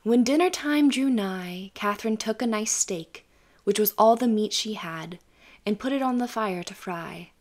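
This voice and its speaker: Calm woman reading a bedtime story. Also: medium pitch, unhurried. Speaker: audiobook narrator. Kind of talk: scripted bedtime story narration.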